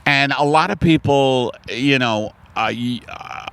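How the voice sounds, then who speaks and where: A man's voice: mid-range voice, measured pace, vocal fry, fairly bright tone, a little hiss or hum, low-quality recording. A man, a comedian hosting a podcast, rambling through absurd improvised bits. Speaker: comedian host. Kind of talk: improvised comic rant.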